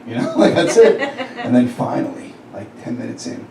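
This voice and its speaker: A man in his thirties performs a crude, chatty stand-up set. He slips into quoted voices as he tells the story. He is heard from a distance in a roomy club, with the crowd laughing loudly. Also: medium pitch, expressive, brisk. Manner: crude, conversational, acts out quotes. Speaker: stand-up comedian. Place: comedy club stage. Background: audience laughing.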